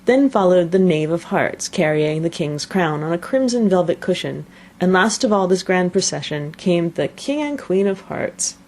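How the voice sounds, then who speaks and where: A woman narrating a classic children's story aloud in an expressive, measured reading. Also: fairly low pitch. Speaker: audiobook narrator.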